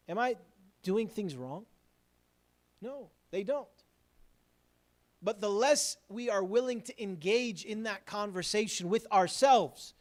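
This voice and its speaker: A man with a high, light voice gives an earnest sermon as an imam. He builds up emphasis, then sinks into quiet, pointed asides.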